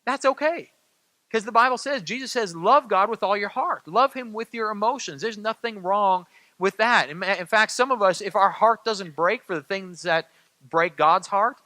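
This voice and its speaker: A middle-aged pastor preaches a sermon in a high-pitched, pushed, bright voice at normal speed, with no echo. His style is conversational: he repeats phrases and keeps checking in with the congregation by asking "right?"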